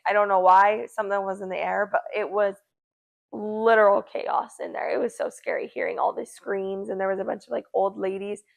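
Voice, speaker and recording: Young woman, gravelly voice, casual podcast storytelling, animated. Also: medium pitch. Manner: animated, acts out quoted voices. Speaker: podcast co-host.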